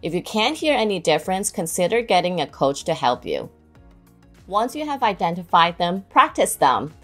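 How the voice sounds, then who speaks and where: A woman giving scripted instruction on English pronunciation, saying example words slowly and clearly to model them. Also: fairly low pitch, very animated, soft background music.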